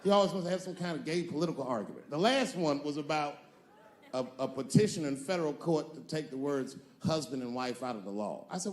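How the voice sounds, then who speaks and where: A man's voice: fairly high pitch, expressive, quick pace. A male stand-up comedian telling stories in a profane, conversational way with punchy emphasis.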